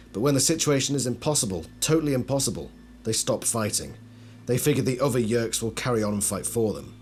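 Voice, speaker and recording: A man hosting a video, reading out card texts and breaking off with wry, skeptical asides that trail off into quiet mutters. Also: mid-range voice, slight background noise. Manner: wry, skeptical asides between read-out passages. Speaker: channel host reviewing collectible cards. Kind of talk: casual commentary mixed with reading aloud.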